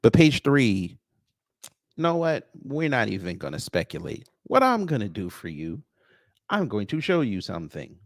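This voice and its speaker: A man's voice: mid-range voice, big pitch swings, normal speed, no echo, clean studio sound. A man hosting a livestream, reading viewer names and commenting with a sarcastic, mocking edge. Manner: sarcastic, greets chat viewers by name. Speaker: livestream host.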